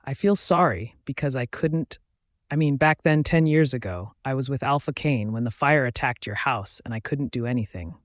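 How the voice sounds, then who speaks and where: A man's voice: medium pitch, moderate pace, no room sound, clean studio sound, close to an everyday voice. A man reading an audiobook, voicing a humble young male driver who speaks politely and with deference. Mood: remorseful.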